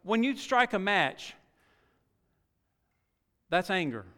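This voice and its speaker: A middle-aged man preaching a sermon in a folksy way, full of rhetorical questions and swinging from quiet asides to loud exhortation. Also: high-pitched, big pitch swings, slow. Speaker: pastor. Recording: long reverb of a large hall.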